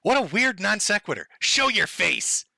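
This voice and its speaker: A man hosting a live stream with sarcastic, mocking commentary. His voice is very bright and swings widely in pitch. It is recorded close and dry. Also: sing-song, normal speed, creaky, no echo. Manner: sarcastic, mocking, laughs often.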